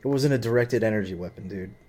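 Low-voiced man on a profane rant. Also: quick pace, mellow. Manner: profane, agitated storytelling with frequent fillers. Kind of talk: rambling personal rant.

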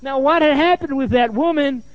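A middle-aged man, a therapist, lecturing and telling stories from his practice, animated and given to repeating phrases for emphasis. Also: very high voice, moderate pace, no room sound. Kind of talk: lecture with anecdotes. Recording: dull, muffled lo-fi sound.

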